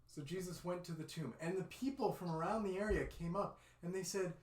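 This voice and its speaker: A man telling a story to children in a friendly, expressive way, in a roomy-sounding space. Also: high-pitched, brisk, few pauses. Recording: roomy echo.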